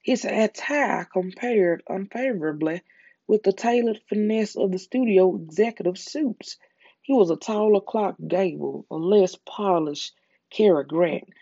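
An ASMR storyteller with a Southern US accent, calm and soothing, reading a story slowly to a close mic. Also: medium pitch, husky, dry recording. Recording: dull lo-fi recording.

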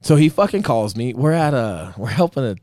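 A middle-aged man, a former Marine, tells a story in a loose, casual way. He swears freely and acts out other people's lines with energy. His voice sits at a middle pitch in a dry, close recording. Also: a little fast, dry recording. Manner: profane, animated, acts out quotes. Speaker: Marine veteran and podcast guest.

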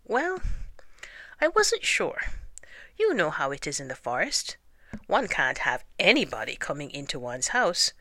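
A woman voicing a fussy, wary male rabbit in a storybook reading, prim and cautious, sometimes hushed. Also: sits low, wildly swooping pitch, unhurried, pauses often, dry recording, heavily acted.

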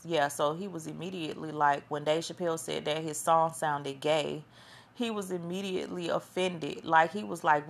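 Low gravelly woman podcaster. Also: steady tone, moderate pace. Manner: chatty, rambling, loses her train of thought. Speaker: podcast host. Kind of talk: casual monologue commentary.

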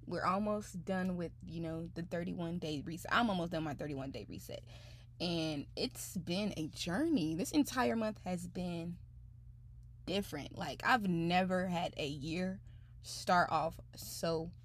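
A woman's voice: on the low side, a little hiss or hum. A woman hosting her own podcast, talking in a chatty, upbeat way full of "you know" and "like". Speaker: podcast host. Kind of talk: casual podcast monologue.

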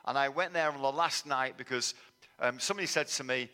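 A man's voice: on the high side, fairly quick, bright, forceful tone, smooth. A man from England with a Manchester accent, giving a sermon testimony in a conversational, self-deprecating storytelling manner. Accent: Manchester English. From England, raised in Manchester. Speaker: guest preacher. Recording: long hall reverb.

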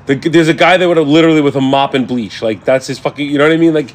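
A man co-hosting a podcast in casual chat, rambling and swearing as he talks. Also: on the high side. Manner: rapid, rambling, profane. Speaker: podcast co-host.

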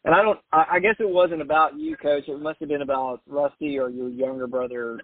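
A man conducts an interview, prompting his guests with hesitant questions that trail off. His voice is slightly high for a man. The sound is tinny and phone-like, and dry with no room around it. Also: steady tone, fairly quick, no room sound.

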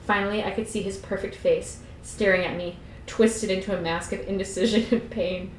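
A woman's voice: medium pitch, steady tone, brisk, reverberant, noisy background. A young adult woman co-hosting a podcast, who reads a novel aloud and breaks off for giggly, irreverent comments. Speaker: podcast co-host.

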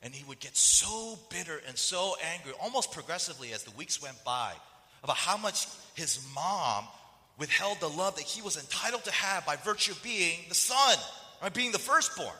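Animated, bright-voiced preacher in a big hall. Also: male voice, fairly high pitch, moderate pace. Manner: animated storytelling that acts out quoted voices. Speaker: pastor. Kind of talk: conversational sermon.

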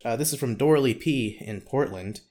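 A man's voice: mid-range voice, moderate pace, mellow. A man co-hosting a podcast in casual chat, teasing and joking, often trailing off with fillers. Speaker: podcast co-host.

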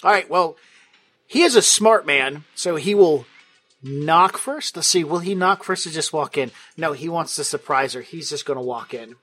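A man's voice: on the high side, animated, normal speed, bright, forceful tone, faint music behind. A man running a tabletop game as game master, narrating with a playful, wry manner. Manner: playful and wry, breaks into laughter.

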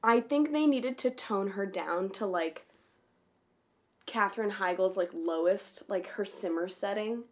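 A woman co-hosting a casual chat, backing up her co-host with quick agreement, laughs and her own take on a film. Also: mid-range voice. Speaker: podcast co-host.

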